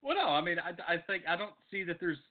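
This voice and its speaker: A man from Texas chatting on a podcast, with dry, deadpan dark humor. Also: high-pitched, fast. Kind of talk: casual chat. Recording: tinny phone-like audio.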